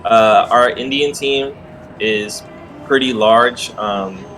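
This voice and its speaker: Easygoing low-voiced American man. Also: takes it slowly, a bit bright, faint music behind, poor audio. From United States. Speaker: guest joining a game stream. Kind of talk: casual chat.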